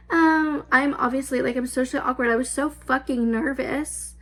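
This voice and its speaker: Young woman, high voice, casual storytime vlogger, rambling and giggly. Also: steady tone, moderate pace, few pauses, a bit bright. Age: 20s. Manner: rambling, filler-heavy, swearing, giggly.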